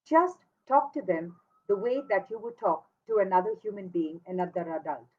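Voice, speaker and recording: A woman's voice: mid-range voice, expressive, normal speed, phone-quality sound. A woman giving an earnest, emphatic instructional talk to parents, repeating key words for weight. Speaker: parenting educator.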